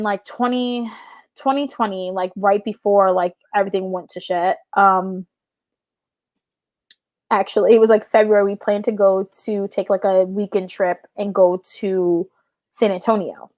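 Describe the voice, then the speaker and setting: A woman in her thirties, appearing as an interview guest, tells stories in a casual, chatty way. Her medium-pitched voice is a little mellow, fairly even, and at a normal speed, with no room sound. She's frank, packs "like" into every sentence, and swears now and then.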